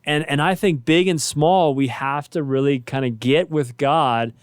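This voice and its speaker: A man's voice: on the high side, unhurried, clear, resonant tone, no room sound. A man who is a pastor and co-host, speaking in a reflective, conversational way about finding purpose. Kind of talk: casual faith talk.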